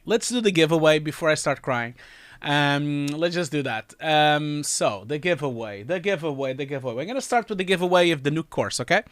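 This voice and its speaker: The host of this casual livestream, a man in his forties, has a slightly high, fairly bright voice, recorded with no room sound. He's chatty and emotional, frequently laughing while going through viewers' messages.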